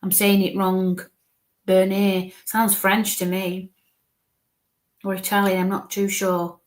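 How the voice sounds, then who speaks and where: A woman medium gives a live reading in an average-pitched voice. She speaks in halting, restarting bits. She keeps slipping into soft, coaxing murmurs. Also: completely flat delivery.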